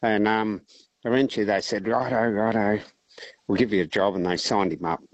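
An Australian man calling in to a radio show, telling a long joke in a relaxed, rambling way. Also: on the low side, brisk, dry recording, poor audio. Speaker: caller.

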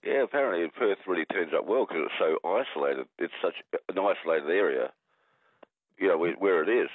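Deep-voiced australian man, fast rambling caller, tinny phone line. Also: expressive, dry recording. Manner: rambling, jokey, stumbles over words. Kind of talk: rambling talkback phone call.

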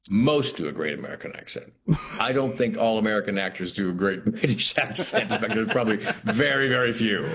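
A middle-aged actor speaking as an interview guest, thoughtful and halting, restarting phrases and filling gaps with "you know". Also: male voice, fairly low pitch, animated, fairly bright tone, slight background noise. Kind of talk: reflective interview talk.

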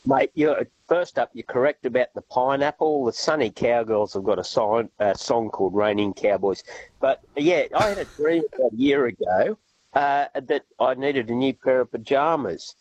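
Giggly caller, lively muffled voice. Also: male voice, medium pitch, moderate pace, no room sound. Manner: giggly, animated storyteller.

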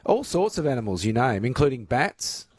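A man's voice: medium pitch, sing-song, normal speed, darkish tone, breathy edge, no echo. Easygoing male radio host, dry studio. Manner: easygoing, joking, reads listener texts. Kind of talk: radio interview.

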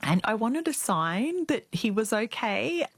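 A woman's voice: on the high side, very animated, measured pace, husky, no room sound. A woman in her forties, a guest, telling a very personal story in an earnest, reflective way. Her voice rises when she quotes her own thoughts.

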